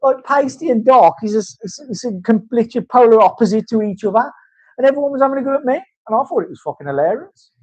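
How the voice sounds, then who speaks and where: Rambling, swearing bloke. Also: male voice, extremely high pitch, animated, fast, no echo. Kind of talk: casual chat. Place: tattoo studio. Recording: dull, dry lo-fi sound.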